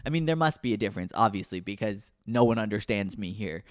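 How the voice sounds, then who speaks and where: A man's voice: fairly low pitch, animated, fast talker, no echo, studio quality. A man in his thirties hosting a comedy podcast, rambling and self-deprecating, full of fillers and restarts. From United States. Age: 30s. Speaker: podcast host.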